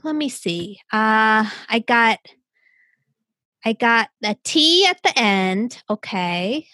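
Woman doing a flustered mom voice: high, loud, bright, fussing over a puzzle. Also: expressive, slow pace, no room sound, exaggerated voice. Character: chatty middle-aged mom stuck on a crossword.

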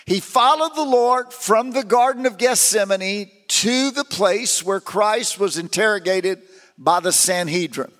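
A male pastor preaching a sermon, telling a story with emphasis and building up to shouting. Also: high voice, long reverb tail.

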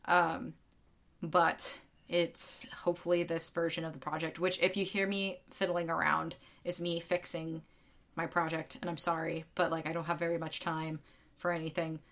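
A woman's voice: sits low, flat delivery, moderate pace, fairly bright tone. A woman co-hosting a casual podcast, venting in heated, profane bursts full of fillers and "like". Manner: heated, swearing, frequent fillers. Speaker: podcast co-host. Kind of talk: casual ranting chat.

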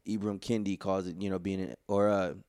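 A man's voice: low voice, little pitch movement, fairly quick, a little mellow, smooth, no room sound, studio quality. A man co-hosting a podcast, talking casually and rambling with lots of "you know" fillers. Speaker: podcast co-host. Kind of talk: casual conversation.

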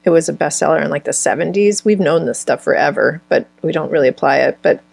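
As a healer guest in an interview, a woman gives conversational answers, searching for words and often restarting phrases mid-thought. Her low-pitched voice is fast and gravelly, a little mellow with a breathy edge, recorded with no room sound.

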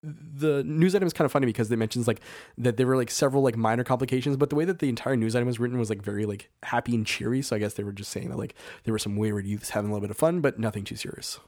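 A man's voice: medium pitch, very fast, a little mellow, no echo, clean studio sound. A man co-hosting a casual podcast, chatty and full of "like" fillers, eager about trivia he researched. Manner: chatty, lots of "like" fillers, giddy about facts. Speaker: podcast co-host.

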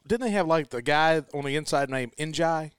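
A man's voice: fairly high pitch, moderate pace, clean tone, no room sound, studio quality. A man hosting a casual sports talk show, emphatic and repetitive, often saying "let me tell you".

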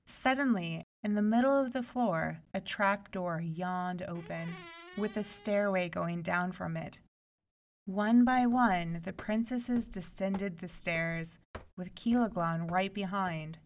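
A woman reading a fairy tale aloud in an expressive, animated storytelling style. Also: fairly low pitch, slight background noise.

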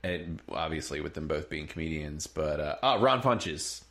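Very deep-voiced rambling man. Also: lively intonation, moderate pace, a bit bright. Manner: rambling, self-correcting. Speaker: podcast host. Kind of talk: casual chat.

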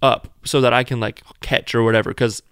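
A man's voice: medium pitch, fairly even intonation, a little fast, a bit bright, smooth, dry recording, clean studio sound. A man casually telling the story of his child's birth, rambling and filling his talk with "like", joking along the way. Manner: rambling, full of "like", jokes around.

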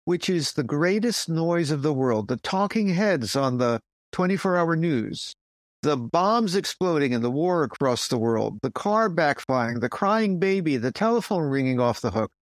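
A man with a French accent, a Zen teacher talking through ideas on a podcast, stressing points with pauses. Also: on the high side, no echo, clean studio sound. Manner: animated, pausing to stress points.

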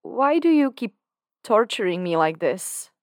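An anxious, guilt-ridden young man, as a woman reader puts him on, hesitant and pleading. He talks slowly in a dry, close recording with no room sound. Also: medium pitch, animated, no echo, voice pushed up.

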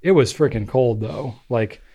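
A man co-hosting a podcast, chatting casually. He talks at an everyday pitch and rambles through long stories, full of "like" and "you know". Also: unhurried, dull audio. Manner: relaxed storyteller, many fillers. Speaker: podcast co-host. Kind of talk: casual chat.

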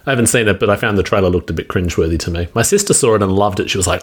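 A man's voice: sits low, expressive, racing, slightly rough. A man, co-hosting a casual podcast and teasingly coaching others on pronunciation. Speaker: podcast co-host. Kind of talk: casual chat.

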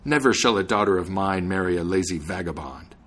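A man voicing a stern, quick-tempered old father in a storybook reading. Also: low-pitched, lively intonation, fairly bright tone, slightly rough, full character voice.

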